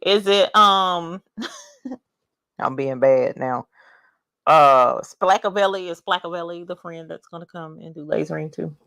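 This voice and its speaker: Low gravelly-voiced woman chatting on a craft livestream, greets everyone, dry close sound. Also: fairly bright tone, no room sound. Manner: chatty, greets viewers by name, drawn-out exclamations. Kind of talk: casual livestream chat.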